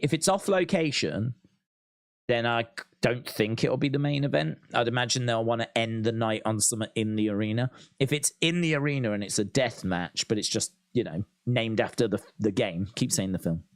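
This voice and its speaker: Male streamer, casual talky commentary, reads chat, mid pitch, dry close sound. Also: a bit bright, no room sound. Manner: chatty, reads out viewer comments, laughs often. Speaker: wrestling watch-along streamer.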